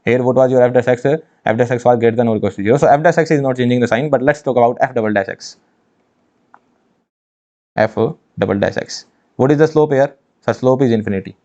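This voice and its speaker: A man's voice: mid-range voice, mellow. A man teaching engineering maths in an online exam-prep lecture, emphatic, repeating phrases and asking rhetorical questions. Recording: dull lo-fi sound.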